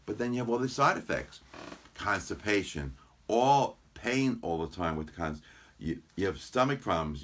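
A man with a deep, somewhat husky voice, speaking as a chiropractor guest in a casual interview. He tells his stories with energy and acts out his patients' lines as he goes. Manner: animated anecdotes, quotes patients in voices.

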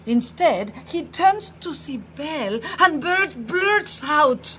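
A woman reading a picture book aloud to children, slow and expressive, dropping to a hushed, tender tone in the quiet passages. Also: sits high. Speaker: storyteller. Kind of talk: children's story read-aloud.

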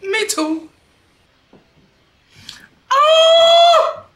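Brief: crying woman reacting, slow slangy talk, high swooping voice. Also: big pitch swings, heavy background noise. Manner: emotional, slangy, laughing through tears. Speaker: reaction video host. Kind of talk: casual reaction commentary.

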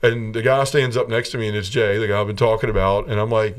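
A man, a podcast guest, earnestly telling his personal testimony as a lively storyteller. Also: fairly low pitch, a little fast, few pauses, smooth, distant mic.

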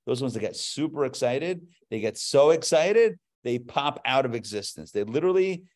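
A man, a rabbi, giving a live class to an audience, explaining terms step by step and growing animated as he goes. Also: mid-range voice, moderate pace.

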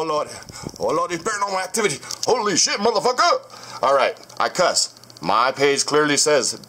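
A paranormal vlogger in his thirties films a casual vlog inside his house on a handheld phone, ranting bluntly and combatively while swearing constantly. His voice is medium-pitched and a bit bright.

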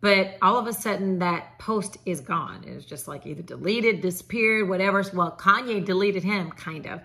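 Female entertainment news host, sassy and chatty, bright forceful tone. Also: medium pitch, moderate pace. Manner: sassy, chatty, talks straight to viewers. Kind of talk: celebrity gossip commentary.

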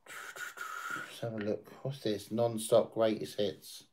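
A man's voice: on the low side, little pitch movement, takes it slowly, background noise. A man hosting a casual livestream, chatting to viewers, reading out their comments and laughing often. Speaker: livestream host. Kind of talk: casual chat to stream viewers.

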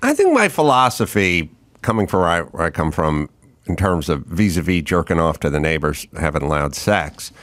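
A man's voice: deep voice, sing-song, normal speed, fairly bright tone. A man hosting a podcast in casual chat, wry, spinning mock stories with jokey quoted voices. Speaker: podcast host.

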